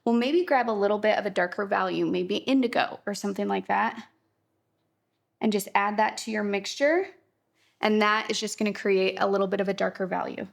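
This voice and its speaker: A young woman talking a friendly watercolor lesson in an upbeat, reassuring way, dropping in easygoing fillers as she paints. her middle-pitched voice slides into a gravelly fry at the ends of phrases. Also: fairly even intonation, a little fast. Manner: chatty, upbeat, reassuring, lots of fillers like "kinda". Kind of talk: casual instructional painting tutorial.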